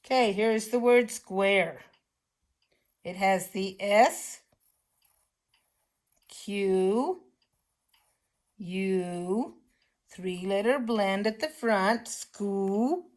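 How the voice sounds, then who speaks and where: An older woman teaching children phonics, slowly and patiently sounding out words and letters. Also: medium pitch.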